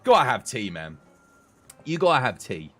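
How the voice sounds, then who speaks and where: A young British man chats loosely with his livestream viewers, drifting from one aside to the next with casual swearing. His voice sits at an ordinary middle pitch, and faint music plays underneath. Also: very animated, moderate pace, fairly bright tone. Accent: British English. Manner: chatty and rambling, swears casually. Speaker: game streamer chatting with viewers.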